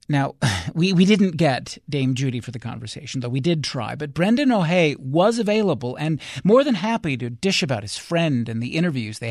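A man hosting an interview, asking measured questions and laughing easily. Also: medium pitch, vocal fry, dry recording, studio quality. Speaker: interviewer and host. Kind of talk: radio-style interview.

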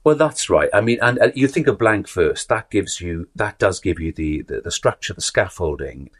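Husky, thoughtful man talking theatre. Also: deep voice, lively intonation, normal speed, dry recording, clean studio sound. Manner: thoughtful, rambling, frequent restarts. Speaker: guest, actor and author. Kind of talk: conversational interview.

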